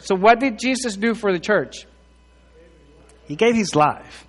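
A man, preaching a conversational sermon into a handheld mic, joking, then swinging from loud emphatic lines to quiet asides. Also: a little high, animated, moderate pace. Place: church hall. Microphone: handheld microphone. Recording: long hall reverb.

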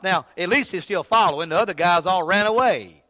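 A man preaching a sermon with dramatic delivery, swinging between shouting and hushed speech and often repeating words as he builds his point. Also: sits high, a little fast, few pauses, no echo, big-room sound.

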